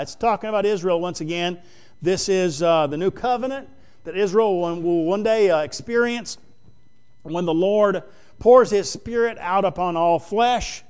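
Male preacher, slightly high, smooth and resonant, halting plain-spoken sermon delivery. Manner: plain-spoken, reads scripture aloud, many pauses and fillers. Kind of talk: sermon, Bible exposition.

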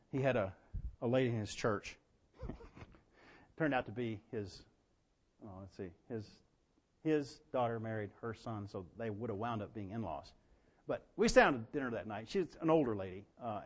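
A man preaching a sermon, telling folksy stories and swinging from quiet asides to loud, emphatic bursts. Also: on the low side, normal speed, pauses often.

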